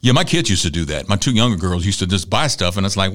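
A middle-aged man hosting a talk show, telling stories in a chatty, animated way and acting out the people he quotes. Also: deep voice, fast. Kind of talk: conversational monologue.

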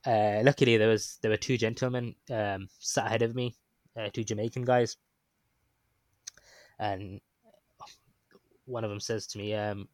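A man's voice: fairly low pitch, level tone, normal speed, long pauses, no echo. A man casually telling a story, rambling and hesitant with lots of ums and restarts. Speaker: guest recounting his experience.

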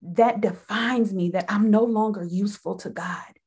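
A woman's voice: mid-range voice, moderate pace, darkish tone, slightly rough. A woman talking about faith in a podcast conversation, emphatic and preacherly, repeating phrases for effect.

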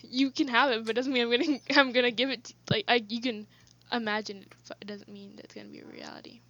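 A woman's voice: a little high, steady tone, quick pace, a bit bright, no echo, highs cut off. A young woman co-hosting a podcast, casually chatting and laughingly protesting her co-host's teasing. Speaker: podcast co-host.

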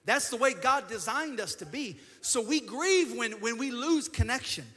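A man's voice: very high-pitched, expressive, normal speed, sharp tone. A male assistant pastor preaching a midweek sermon in an earnest way, often repeating and restarting his phrases. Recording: long hall reverb.

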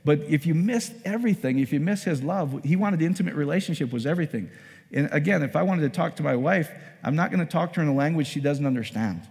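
Animated preacher in an echoey hall. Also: male voice, fairly high pitch, fast, gravelly. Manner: conversational, animated storytelling with acted-out asides. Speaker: pastor. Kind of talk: sermon.

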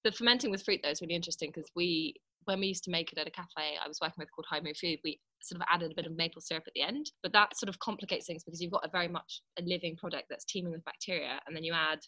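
A woman chatting quickly as a guest on a food podcast, explaining things in an animated, detailed way. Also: lowish voice, no echo, rough recording. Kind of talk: casual podcast chat.

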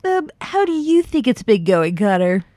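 A woman's voice: mid-range voice, sing-song, moderate pace, dark tone, dry recording, clean studio sound, natural voice. A woman playing an anxious, sarcastic hypochondriac health reporter in a comedy radio sketch. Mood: fretful. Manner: fretful, sarcastic worrying.

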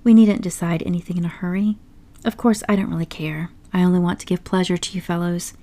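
A woman voicing a boastful, excitable male toad in an audiobook story, talking grandly and pushily. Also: fairly low pitch, fast, close to an everyday voice. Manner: grandly enthusiastic, pushy.

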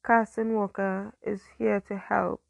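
A cocky high-school boy who loves to needle people, as a woman reading a story puts him on. The voice is gravelly and creaky, set in a dry, close sound with no room around it. The taunts come out slowly and smugly. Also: little pitch movement, no echo, lo-fi sound. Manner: smug, teasing. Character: young male high school jock, smug teaser.

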